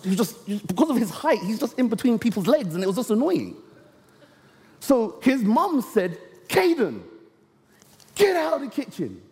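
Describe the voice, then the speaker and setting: A man preaching a sermon, telling a story and slowing down to stress key words. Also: sits high, a little mellow. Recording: long reverb of a large hall.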